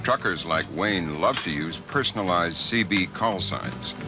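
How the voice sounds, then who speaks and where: A man narrating a documentary in a measured, polished, scripted delivery. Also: low voice, expressive, over loud music.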